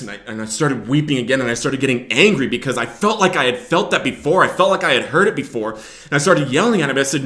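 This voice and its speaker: A man's voice: medium pitch, expressive, fast talker, reverberant. A young man hosting his own show, telling his personal story of addiction and recovery to the camera with strong emotion. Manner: emotional, rising to loud shouting in places. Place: Billings, Montana area.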